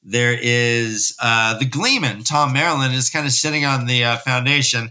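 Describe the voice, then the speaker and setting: A man hosting a podcast, recapping a story in an animated, rambling, jokey way. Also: medium pitch, normal speed. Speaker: podcast host.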